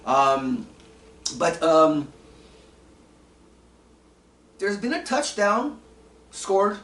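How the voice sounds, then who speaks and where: A man hosts a casual solo sports talk show, rambling along with plenty of ums and uhs and poking fun at himself. His voice sits a little high for a man. The sound is roomy and echoing, as if the mic sits some way off from him. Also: very animated, drawn-out words, a bit bright. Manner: rambling, self-mocking, lots of ums and uhs. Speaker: podcast host. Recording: roomy echo, mic at a distance.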